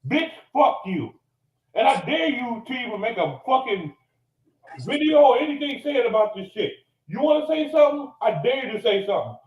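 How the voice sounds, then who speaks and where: A high-pitched man rants in a heated, profane fury. He sits some way back from the mic, so his voice sounds roomy and a bit dull. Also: sing-song, moderate pace, distant mic. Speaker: podcast regular. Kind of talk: angry rant. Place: cigar lounge, live on location.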